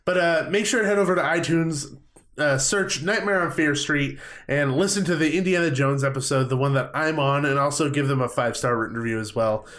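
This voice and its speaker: A young man with a fairly high voice chats with his co-host on a casual podcast. He laughs easily and often restarts his sentences as he talks. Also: a little fast, fairly bright tone. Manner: chatty, laughs often, stumbles over words.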